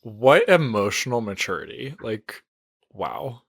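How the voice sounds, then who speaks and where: A man hosting a podcast interview, reacting warmly and enthusiastically to his guest. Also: medium pitch, sing-song, unhurried, creaky, breathy edge, no room sound, studio quality. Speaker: podcast host and coach.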